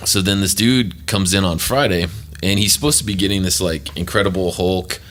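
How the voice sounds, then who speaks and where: A man's voice: brisk, fairly bright tone. A man, a podcast host and former tattoo artist, telling a long story in a casual, profane way and acting out the people in it. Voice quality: low voice, swears freely, acts out quoted people.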